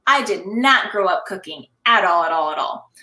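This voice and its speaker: A young adult woman, a confidence coach, chatting as a guest on a live stream, animated and laughing often as she acts out little scenes. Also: medium pitch, moderate pace, echoey room. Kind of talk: casual live-stream chat.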